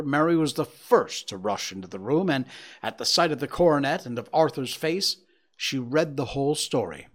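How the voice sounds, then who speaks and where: A man reading a dramatic story aloud in an expressive, theatrical way. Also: mid-range voice. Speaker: audiobook narrator.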